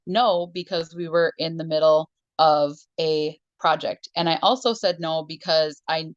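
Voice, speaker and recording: Brief: low-pitched woman co-host, chatty and rambling, dry muffled sound. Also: fairly even intonation, measured pace, dry recording. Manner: rambling storyteller who acts out conversations with laughs. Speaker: podcast co-host and shop teacher. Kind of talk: casual podcast chat.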